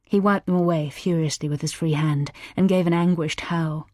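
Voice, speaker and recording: Woman reading a tense thriller, lowish voice, dry sound. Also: steady tone, moderate pace, hardly any pauses, no room sound. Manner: tense, dramatic, shouting in character lines. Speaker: audiobook narrator. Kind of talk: first-person thriller narration.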